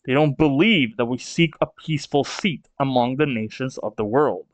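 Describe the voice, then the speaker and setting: A man's voice: medium pitch, moderate pace, dry recording, lightly acted. A man reading the lines of a proud giant king, grave and bitter. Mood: furious.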